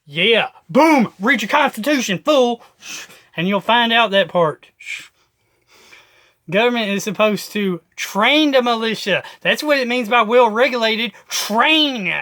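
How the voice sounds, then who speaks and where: A man delivers a political rant to camera with a bright, forceful edge. He hammers his points through repetition and profanity. His delivery stays emphatic throughout. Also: very high voice, expressive, a little slow. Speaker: video host.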